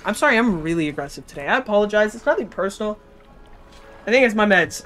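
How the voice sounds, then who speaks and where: Man, streamer, cold, bright tone, excitable, swears a lot, casual chat. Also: sits high, quick pace, slight background noise. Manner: excitable, profane, talks to chat. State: has a cold. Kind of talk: casual gameplay commentary.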